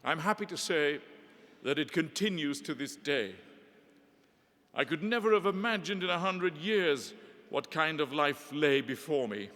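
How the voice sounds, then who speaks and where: A man's voice: a little high, fairly bright tone. Older man's reflective speech, long cathedral echo. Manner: measured, reflective, eloquent. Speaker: honorary graduate giving a speech. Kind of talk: formal ceremonial address. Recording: long reverb of a large hall.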